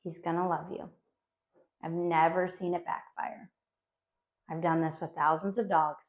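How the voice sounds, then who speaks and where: A woman dog trainer explaining training phases to owners, animated and acting out little voices for dogs and owners. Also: fairly low pitch, a little slow. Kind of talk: spoken instructional talk to dog owners. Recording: dull lo-fi sound.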